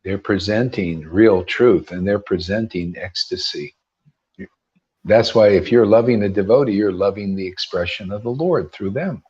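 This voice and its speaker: A low-voiced man with a husky edge talks to a gathering in an emphatic, preachy way. He often restarts his sentences and rises into sudden bursts of insistence. The recording sounds dull and lo-fi. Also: moderate pace, darkish tone. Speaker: spiritual teacher. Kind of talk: informal devotional talk to a group.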